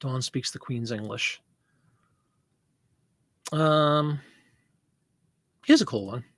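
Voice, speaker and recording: A mid-range, somewhat bright voice belongs to a man speaking very slowly as he hosts a relaxed live selling stream. He chats, rambles, and laughs a lot, reading viewer comments aloud and replying. There's no echo.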